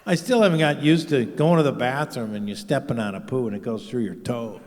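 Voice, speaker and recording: A male stand-up comedian rambles through a crude set in an average-pitched voice, leaning on "you know" between lines. He is heard on a handheld mic in a live show with a long, hanging reverb. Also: brisk, darkish tone, slight background noise. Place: live stage show in a large venue. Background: audience laughter.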